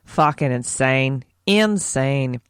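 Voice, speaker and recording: A woman's voice: extremely low pitch, expressive, slow, smooth, dry recording, studio quality. A woman podcast host putting on an Irish accent for a playful, heavily sworn casual monologue. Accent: put-on Irish. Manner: playful, heavy swearing.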